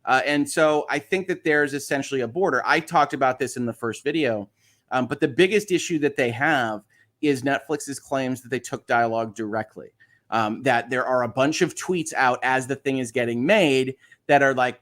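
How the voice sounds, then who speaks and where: A man's voice: medium pitch, lively intonation, moderate pace, a bit bright. A man hosting a casual livestream, chatting about legal news, reading viewer questions and explaining cases. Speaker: host.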